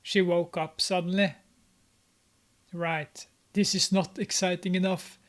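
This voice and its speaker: A man's voice: sits high, level tone, takes it slowly. A man giving casual, mocking commentary on a film, with sarcastic remarks and many "uh" fillers. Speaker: movie reviewer.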